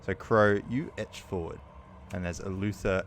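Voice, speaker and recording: Low-voiced man running a tabletop game. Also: moderate pace, slight background noise. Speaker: game master.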